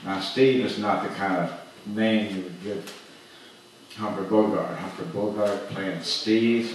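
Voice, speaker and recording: A man delivers a stand-up set slowly and haltingly, with frequent uhs and restarts. His voice sits low. He is caught from a distance in a very echoey comedy club, with faint noise behind him. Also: fairly even intonation. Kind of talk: open-mic stand-up set. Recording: echoey club miked from afar.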